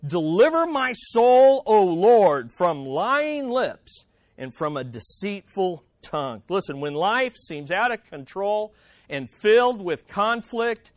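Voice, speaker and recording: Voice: medium pitch, no room sound. A pastor preaching a sermon on a psalm, emphatic, repeating key phrases and calling for amens.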